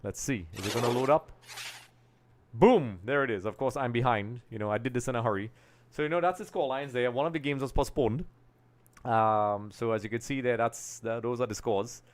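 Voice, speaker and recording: Speaking at a moderate pace in a medium-pitched voice, this young Trinidad and Tobago man hosts a live football discussion stream. He rambles a little in an easygoing way, voicing his thoughts while pulling things up on screen.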